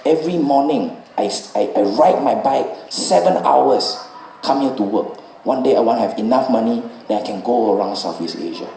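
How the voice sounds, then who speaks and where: A man's voice: mid-range voice, expressive, moderate pace, creaky, warm tone, echoey room, recorded from a distance, slight background noise, poor audio. A man voicing a cheerful, chatty Vietnamese bike-taxi rider with sunny, eager exclamations.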